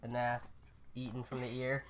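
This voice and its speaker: A podcast co-host with a medium-pitched, monotone voice tells a story at normal speed during casual chat. He rambles, corrects himself along the way, and laughs at his own lines.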